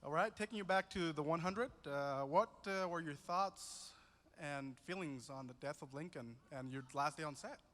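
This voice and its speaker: Man, fan at the audience mic, fairly high voice, long hall echo, heard from a distance. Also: moderate pace, a bit bright. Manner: casual, hesitant with fillers. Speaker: fan asking a question. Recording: echoey hall from far off.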